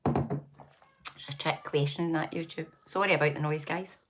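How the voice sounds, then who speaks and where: A Scottish woman with a low voice and fairly even intonation speaks at a moderate pace over heavy background noise. She hosts a casual livestream, reading comments, greeting viewers by name, gossiping, and laughing often.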